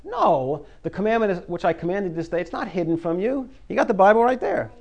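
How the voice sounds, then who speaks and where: A man's voice: high voice, very animated, a little fast, vocal fry, darkish tone. A man preaching a sermon, folksy and conversational, reading scripture and pressing his listeners with urgent emphasis.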